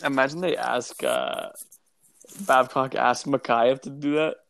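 Gravelly young man, crude banter. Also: mid-range voice, huge pitch swings, measured pace, fairly bright tone. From Canada. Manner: crude, sarcastic, laughs a lot. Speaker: podcast co-host. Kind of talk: casual chat.

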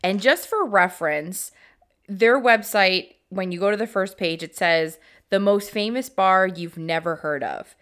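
A woman's voice: mid-range voice, unhurried, a bit bright. A young American woman co-hosting a casual podcast, upbeat and steering the talk, sometimes reading facts aloud. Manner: upbeat, guides the conversation, reads facts aloud. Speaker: podcast co-host. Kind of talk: casual chat.

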